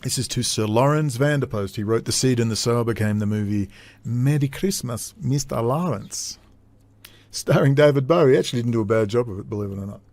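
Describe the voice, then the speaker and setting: A man's voice: medium pitch, quick pace, darkish tone. A man hosting a solo podcast, rambling and blunt, swearing freely and trailing off mid-thought. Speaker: podcast host. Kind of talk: casual solo commentary.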